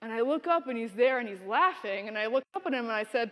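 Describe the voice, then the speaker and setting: High-voiced woman telling a keynote story. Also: quick pace. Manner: animated, dramatic storytelling. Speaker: keynote speaker. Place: conference hall. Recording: reverberant hall.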